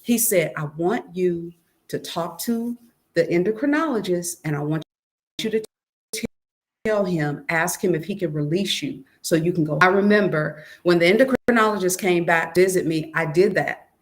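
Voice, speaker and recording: A woman's voice: on the low side, normal speed. A woman being interviewed about her book, telling a personal story and often quoting what others said to her. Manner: recounts events by quoting others, "he said" asides; earnest, searching, many restarts and "um"s. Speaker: author and guest.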